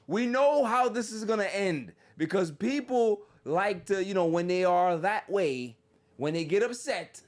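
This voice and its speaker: A man hosting a casual sports podcast, slangy and animated, slipping into quick impressions of people. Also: high voice. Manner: animated, slangy, mimics people mid-story. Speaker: podcast host.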